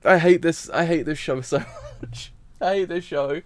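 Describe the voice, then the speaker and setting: A man's voice: fairly high pitch, moderate pace, dry recording. A man reacting to an anime episode in a casual stream, rambling and repeating himself while crying. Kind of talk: emotional casual reaction talk.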